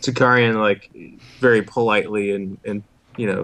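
A man's voice: fairly low pitch, steady tone, a little fast, a bit bright. A man playing a tabletop game in character, polite but dryly menacing. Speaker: player. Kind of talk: in-character role-play.

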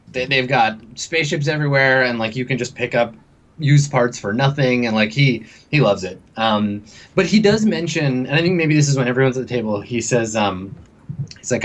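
A man narrating a tabletop game as game master, in loose, laughing speech. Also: mid-range voice.

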